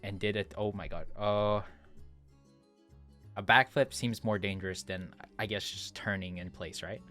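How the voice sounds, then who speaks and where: A man's voice: on the low side, steady tone, a little slow, pushed and bright, soft background music. Chatty young man musing over a game. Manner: chatty, musing, trails off and restarts. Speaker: gaming video creator. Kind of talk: let's play commentary and reading a visual novel.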